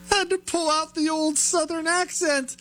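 A man's voice: very high-pitched, a bit bright. A man hosting a political commentary show, delivering a sarcastic, emphatic monologue with frequent restarts. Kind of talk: opinionated monologue.

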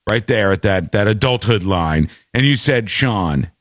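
A man's voice: fairly low pitch, lively intonation, normal speed, dry recording, clean studio sound. A man in his forties hosting a show, joking and incredulous in casual commentary. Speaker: host.

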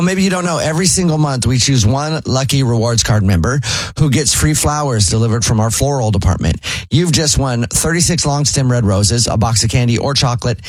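Fast-talking upbeat radio host. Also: male voice, husky, no echo. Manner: upbeat, salesy pitch. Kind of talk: prank phone call. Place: radio studio.

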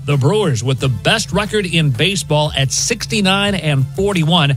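A man reading a radio sports news update in a brisk, scores-reading delivery. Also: a little high, animated, over music, rough recording.

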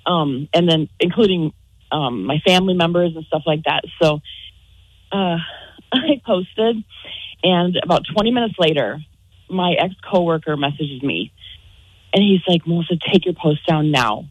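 A woman's voice: on the low side, expressive, a little slow, long pauses, breathy edge, dry recording, low-quality recording. A woman calling in to a radio show, telling an embarrassing story with lots of laughter. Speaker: caller.

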